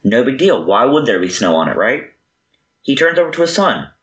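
A man's voice: mid-range voice, fairly quick, dull audio. A young man on a podcast, casually reviewing a movie and acting out its scenes. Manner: animated, acts out scenes in character voices. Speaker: podcast co-host. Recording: echoey room.

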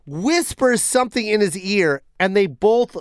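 A man hosting a comedy podcast, telling stories in an animated, profane way. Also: sits high, unhurried, clean tone, no echo, clean studio sound. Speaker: podcast host. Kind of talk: casual comedic chat.

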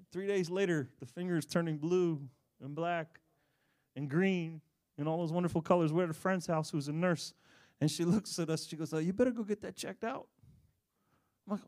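Brief: middle-aged male pastor, slightly higher voice, lively storyteller turning earnest. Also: brisk. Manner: animated storytelling, then soft earnest preaching. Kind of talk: sermon with a personal story.

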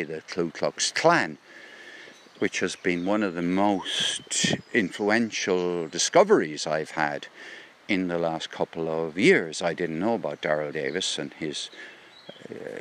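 A man's voice: low-pitched, fairly bright tone, a little hiss or hum. A middle-aged man musing aloud in a rambling spoken diary, recorded outdoors beside a stream on a handheld phone. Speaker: vlogger.

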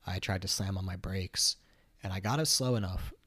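A young man co-hosting a podcast from a home kitchen, telling stories in a casual, animated way with laughs. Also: deep voice, moderate pace, dry recording, clean studio sound. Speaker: podcast co-host. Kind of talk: casual chat.

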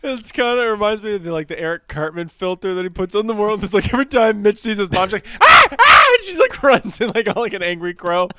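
Bright, high man joking around. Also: lively intonation, quick pace, few pauses, clear, resonant tone, no echo. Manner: jokey, plays confused. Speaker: podcast co-host. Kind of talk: casual comedic chat.

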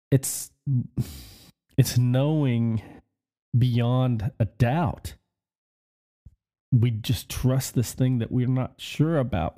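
A man preaching a podcast sermon, excitable, laughing often and asking his listeners questions. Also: mid-range voice.

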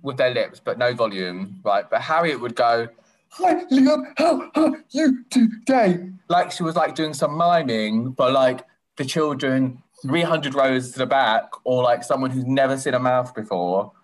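A young man, co-hosting a casual chat podcast in a teasing, playful way and jumping into high voices for quotes. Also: normal speed. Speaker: podcast co-host.

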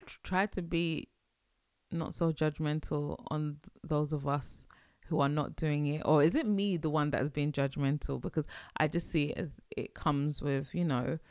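A woman's voice: deep voice, fairly even intonation, normal speed, a little mellow, clear, resonant tone, no room sound, clean studio sound. A woman hosting her podcast, talking in a chatty, rambling way and laughing often. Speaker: podcast host. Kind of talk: casual monologue.

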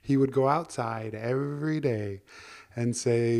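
A man's voice: medium pitch, measured pace, a little mellow, faint music behind. A man narrating a bedtime story in a playful way, jumping into silly voices for the characters.

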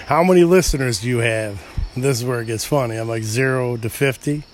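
A man's voice: mid-range voice, a little fast. A middle-aged man with an upstate New York accent rambles through a solo podcast. He swears freely, cracks jokes at his own expense and sounds a little tipsy. A faint hum of crickets sits behind his voice. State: a bit tipsy. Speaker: podcast host.

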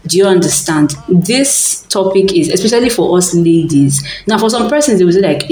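A young Nigerian woman with a lowish voice and a Nigerian accent talks casually into her voice diary, rambling through stories with frequent ums and asides. Her voice sits a little low for a woman. The room around her adds a noticeable echo. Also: normal speed, warm tone. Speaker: audio diary host.

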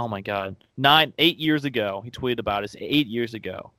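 A man's voice: mid-range voice, moderate pace, hardly any pauses, pushed and bright, no echo. A man hosting a casual sports podcast, talking in a rambling way with plenty of fillers. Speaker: podcast host.

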